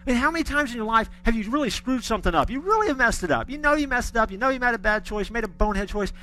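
A man's voice: very high-pitched, lively intonation, rapid-fire, pushed and bright, a little hiss or hum. A middle-aged man preaching a sermon, telling stories with folksy humor. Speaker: pastor.

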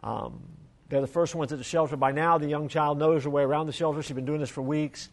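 Male pastor, sermon storytelling, earnest, conversational, slightly high voice. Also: fairly even intonation, a little fast. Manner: earnest, conversational, drops to a hush.

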